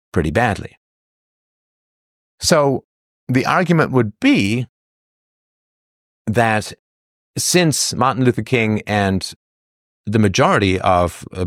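Low-voiced male commentator, dry close sound, lecturing with rhetorical questions. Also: no room sound. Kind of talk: solo political monologue.

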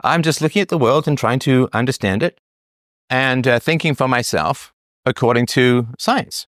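A man hosting a solo show, arguing his point in animated, sarcastic commentary with laughing asides. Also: medium pitch, normal speed, no echo, clean studio sound. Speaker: host.

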